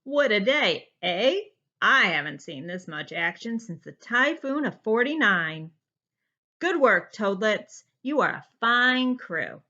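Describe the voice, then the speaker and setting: Woman doing a hearty old sea-captain frog, storybook, loud bluff sailor talk, slow and deliberate. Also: mid-range voice, sing-song, exaggerated voice. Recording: slightly dull lo-fi recording.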